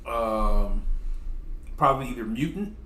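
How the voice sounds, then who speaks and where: A male streamer talking through his team in easy, chatty bursts. He jumps in pitch when he jokes or gets sarcastic and laughs often. His voice sits in a middle register. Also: expressive, unhurried, bright, forceful tone, echoey room, slight background noise. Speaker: streamer host. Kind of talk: casual gaming stream chat.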